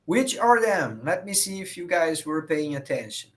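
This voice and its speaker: A man's voice: on the high side, sing-song, normal speed, fairly bright tone. A man from Brazil with a Brazilian Portuguese accent, giving a bilingual lecture and acting out quoted dialogue in his anecdotes. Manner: switches between English and Portuguese, acts out quoted dialogue. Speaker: professor lecturing.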